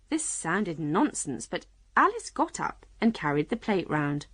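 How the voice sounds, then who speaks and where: A woman narrating a children's storybook audiobook in a clear, measured reading. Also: lowish voice, sing-song, fairly bright tone, dry recording.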